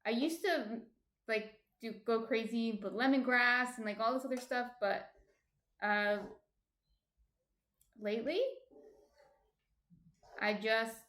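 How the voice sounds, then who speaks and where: A woman's voice: on the high side, steady tone, takes it slowly, long pauses, a bit bright. A woman hosting a casual cooking livestream from her home kitchen, chatty and light-hearted. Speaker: cooking streamer host.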